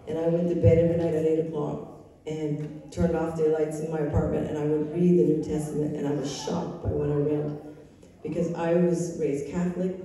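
A woman with a low-pitched, dark voice shares her personal faith testimony earnestly and with emotion. She's in a live event room, recorded from far off in an echoey hall.

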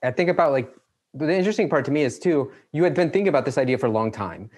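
Fast-talking male interview host. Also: mid-range voice, animated, a little mellow. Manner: fast-talking, reflective, sums up the guest's story. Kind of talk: conversational interview.

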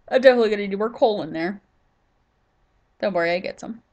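A tired woman talks her way through a game session in casual, rambling commentary. She chats to herself, muses aloud and stops to yawn. Her pitch sits in a middle range for a woman. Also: fast talker, darkish tone, muffled recording. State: tired, yawning. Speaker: gaming YouTuber.

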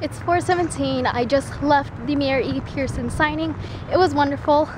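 A woman's voice: high-pitched, moderate pace, noisy background. A young woman book vlogger, chatty and upbeat, filming herself on a phone. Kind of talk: casual vlog. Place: home.

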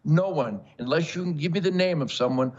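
A man's voice: on the high side, a little fast, highs cut off, background noise. An older man hosting a show, rambling to camera in a bombastic, boastful, joking manner. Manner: boastful, bombastic, jokey, with frequent laughs. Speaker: show host.

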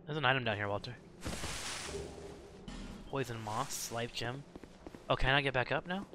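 A man giving casual, jokey game commentary while playing co-op, with excitable yelps and laughs. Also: mid-range voice, moderate pace, background noise. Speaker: co-op let's play gamer.

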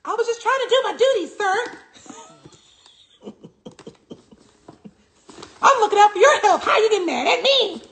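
A woman voicing a prissy, rule-keeping female fan who talks in a high, defensive, rushed voice. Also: expressive, fairly bright tone, a little hiss or hum, full character voice.

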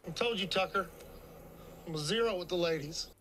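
Dale, a shy stammerer. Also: male voice, high voice, fairly quick, sharp tone, a little hiss or hum, low-quality recording. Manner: hesitant, stammering. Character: shy, awkward, gentle redneck man.

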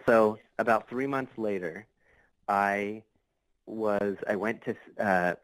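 A man guesting on a podcast, recounting a story in a loose, rambling way full of fillers and false starts. His voice sits low. The sound is dry and close, with no room around it. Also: slow, no echo, low-quality recording. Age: adult. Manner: rambling, many fillers and restarts. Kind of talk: casual storytelling.

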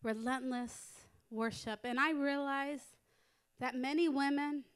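A middle-aged American woman preaching a sermon in a church, telling stories in a lively way and building to emphatic exhortation. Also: high voice. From United States. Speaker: women's conference speaker. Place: church sanctuary.

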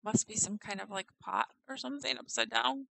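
A woman's voice: on the high side, a little fast, creaky, a bit bright, dry recording, low-quality recording. A woman giggling and thinking aloud in casual commentary as she tours a house in a game. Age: adult. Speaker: gamer touring a player-built house.

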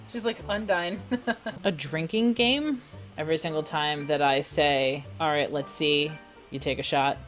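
A woman giving casual, giggly commentary while playing a life-simulation game, often breaking into laughter and exclamations. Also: mid-range voice. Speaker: gameplay streamer.

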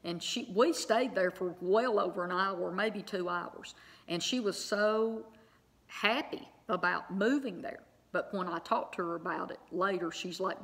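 A woman's voice: medium pitch, moderate pace, a bit bright. A middle-aged woman telling a personal story to her viewers in a chatty way, full of fillers and little tag questions. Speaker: online Bible teacher.

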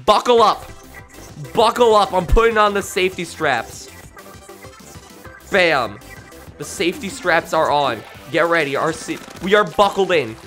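A man doing live gameplay commentary on a stream, excitable and jokey, jumping from loud yelps to low mumbles. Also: a little slow, faint music behind. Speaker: gaming streamer.

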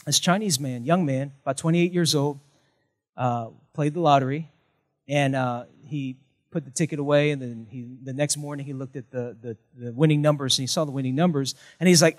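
A man's voice: mid-range voice, brisk. A male pastor, preaching a sermon with emphatic, punchy repetition and light jokes.

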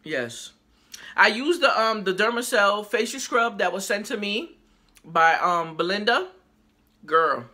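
A woman chatting casually to her viewers in a haul video, lively and exclamatory, talking straight to the camera and sometimes while chewing. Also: mid-range voice, unhurried. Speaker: haul vlogger. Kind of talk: casual haul vlog chat.

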